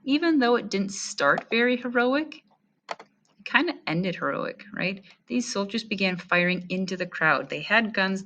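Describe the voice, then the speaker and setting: A woman's voice: fairly low pitch, pushed and bright, a little hiss or hum. A woman teacher reading a history text aloud and stopping to comment, asking her listeners rhetorical questions in a friendly way. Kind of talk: read-aloud history lesson.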